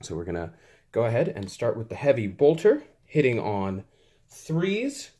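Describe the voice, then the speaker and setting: During a casual tabletop wargame, a man calls out his dice rolls with playful exasperation and little sound effects. His mid-range, mellow voice swoops wildly in pitch at a moderate pace.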